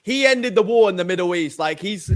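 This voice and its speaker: A young British man co-hosting a casual chat, animated and profane, laughing often. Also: sits high, brisk, background noise. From United Kingdom. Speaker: co-host.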